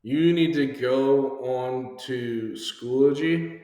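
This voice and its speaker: A man's voice: mid-range voice, slow, mellow. A male teacher giving a classroom lesson, acting out short dialogues in shifting voices. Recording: echoey room with long reverb.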